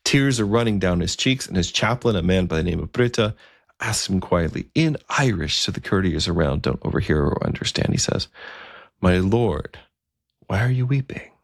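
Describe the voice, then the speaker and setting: A man telling a historical story in a relaxed, conversational way, with asides and fillers. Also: low-pitched, fairly quick, gravelly, dry recording, clean studio sound.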